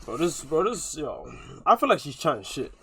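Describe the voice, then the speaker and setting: A man's voice: a little high, very animated, normal speed, pushed and bright, husky. A man, hosting a reaction video in casual, slangy, swearing commentary and sounding openly incredulous.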